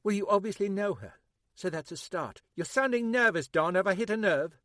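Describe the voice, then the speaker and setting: A woman's voice: medium pitch, expressive, no room sound, clean studio sound, pitched above the performer's own voice, natural voice. A man voicing an impatient, swearing female detective sergeant in an audiobook. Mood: pressing. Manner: sharp, swearing, quick-tempered. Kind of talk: audiobook character voice.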